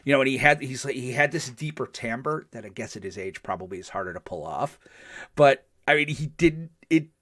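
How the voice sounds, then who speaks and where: An older man hosting a podcast, recapping episodes in casual chat and acting out quotes with animated energy. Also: medium pitch, brisk. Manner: animated storytelling, acts out quotes. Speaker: podcast host.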